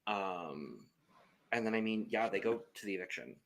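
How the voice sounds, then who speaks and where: A man co-hosting a reality TV podcast, recapping in a measured way with hesitant fillers. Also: on the low side, expressive, vocal fry, a bit bright. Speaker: podcast co-host. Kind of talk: casual chat.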